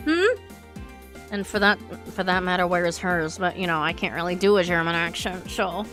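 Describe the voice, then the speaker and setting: A woman's voice: on the low side, moderate pace, a bit bright, soft background music. A woman from New Jersey streaming a game, with crude, joking asides. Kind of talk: casual game commentary.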